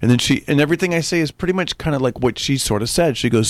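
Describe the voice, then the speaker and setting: A man who is a stand-up comedian, telling stories in a rapid, animated way in casual chat. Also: medium pitch, no echo. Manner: rapid, animated storytelling with voices.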